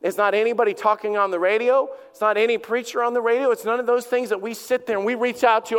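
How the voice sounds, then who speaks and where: A man's voice: extremely high pitch, fairly even intonation, fast, few pauses, clear, resonant tone, long reverb tail. A man, a lead pastor, preaching a sermon in a conversational way, with repeated words and acted-out dialogue.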